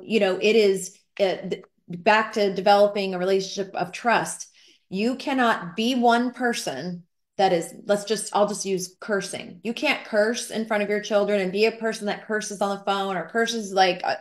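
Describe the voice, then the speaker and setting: A middle-aged woman on a faith-based panel, giving earnest, emphatic advice in a conversational discussion. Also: mid-range voice.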